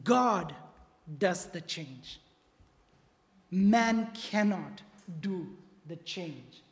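A preacher giving a sermon in a church, repeating key phrases and often checking in with the congregation with a quick "right?" or "okay?". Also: medium pitch. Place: church sanctuary. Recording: long reverb of a large hall.

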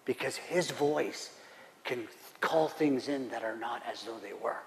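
A man's voice: medium pitch, measured pace, gravelly. A male pastor preaching a sermon, emphatic and repetitive, asking the room rhetorical questions. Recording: roomy hall reverb.

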